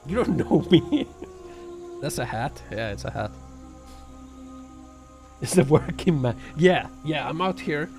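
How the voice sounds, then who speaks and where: A man's voice: medium pitch, darkish tone. Sarcastic, profane male streamer. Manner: sarcastic, profane, rambling with many fillers. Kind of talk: casual chat reacting to viewer comments. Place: home apartment. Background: background music.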